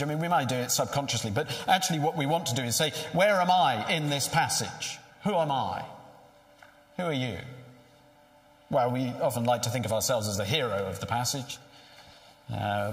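A man's voice: mid-range voice, animated, quick pace. A man preaching a sermon in a conversational way, asking rhetorical questions. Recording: echoey hall with long reverb.

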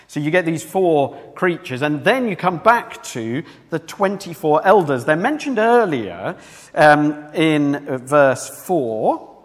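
A man's voice: fairly high pitch, sing-song, slow, in a large hall. A man preaching a sermon in a church, talking conversationally and asking the congregation questions.

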